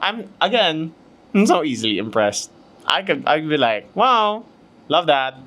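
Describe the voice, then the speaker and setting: A man's voice: fairly high pitch, sing-song, normal speed, fairly bright tone. A Filipino man hosting his own podcast, chatting casually and mocking himself while fumbling retakes, hot and sweaty in a room at home. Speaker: podcast host. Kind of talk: casual chat mixing English and Tagalog.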